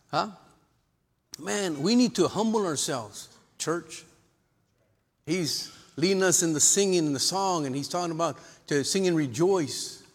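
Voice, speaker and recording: A man preaching a lively sermon to his church, calling for amens and joking with the congregation. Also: on the high side. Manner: lively preacher with call-and-response and humor. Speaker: pastor. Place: church sanctuary. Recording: long reverb of a church hall.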